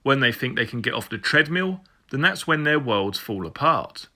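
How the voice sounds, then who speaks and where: A man voicing a senior police superintendent who speaks in a measured, menacing way. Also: mid-range voice, very animated, pushed and bright, full character voice. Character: scheming senior male police superintendent, cold, confident.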